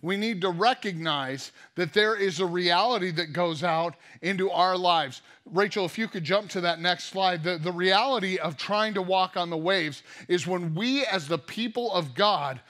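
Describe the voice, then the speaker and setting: A man's voice: high voice, normal speed, hardly any pauses. A man pastor giving a sermon, telling stories with playful, jokey asides. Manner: lively storytelling with jokey asides.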